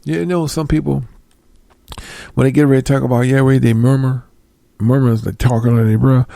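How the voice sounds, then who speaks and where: A man's voice: mid-range voice, fairly even intonation, brisk, vocal fry, warm tone, dry recording. Middle-aged male preacher, conversational, dry close sound, reads scripture and asks for agreement. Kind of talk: casual sermon with scripture reading.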